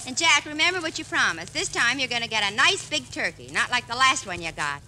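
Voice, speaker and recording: A woman playing the wisecracking sidekick in a 1940s radio comedy, teasing and quick with a jab. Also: on the high side, big pitch swings, bright, forceful tone. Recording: noisy old radio broadcast.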